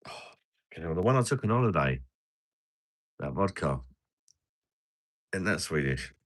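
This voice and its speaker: A British man with a low voice hosts a laid-back live stream over drinks. His tone is forceful and bright-edged. He rambles through jokey banter, chuckling often. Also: sing-song, a little slow. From Britain. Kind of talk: casual live-stream chat while drinking.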